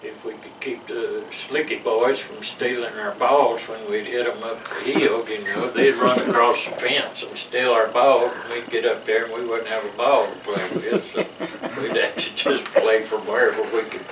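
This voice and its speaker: A man's voice: mid-range voice, fairly even intonation, moderate pace, few pauses. Older Southern man, echoey distant recording. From American South. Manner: rambling storyteller with frequent restarts and chuckles. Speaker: veteran interviewee. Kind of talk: casual oral-history recollection. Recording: echoey room, distant mic, noisy.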